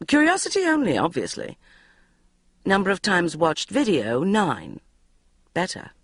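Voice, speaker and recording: A woman narrates a comic diary audiobook in first person. Her pitch swings widely as she reads with wry, self-mocking expression. The recording is dry and close. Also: wildly swooping pitch, a little slow, slightly rough, no echo.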